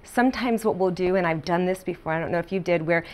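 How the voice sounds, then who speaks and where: A woman's voice: fairly low pitch, fast talker. A woman author as a guest on a talk show, chatting casually and acting out her own inner voice.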